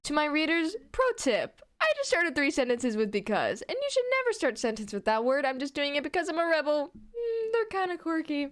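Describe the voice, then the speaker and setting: A woman's voice: high voice, very animated, a little fast, few pauses. A woman streamer reading fan fiction aloud on stream, stumbling over words and laughing often.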